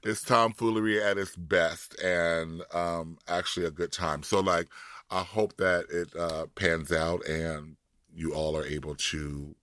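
Deep-voiced sassy male podcast co-host. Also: fairly even intonation, a bit bright, dry recording. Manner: sassy, drawn-out exclamations. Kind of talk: casual chat.

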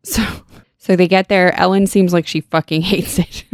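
A woman's voice: lowish voice, steady tone, normal speed, no room sound, studio quality. A young woman co-hosting a casual book recap, giggling often, swearing casually and filling with "like". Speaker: podcast co-host.

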